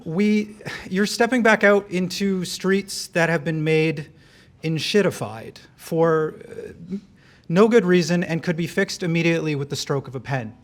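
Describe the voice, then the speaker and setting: Brief: higher-voiced man at a podium mic, wry speaker with jokes and asides. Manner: wry, joking, quick asides. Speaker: event speaker and director of an advocacy group. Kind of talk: live speech to an audience. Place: event room.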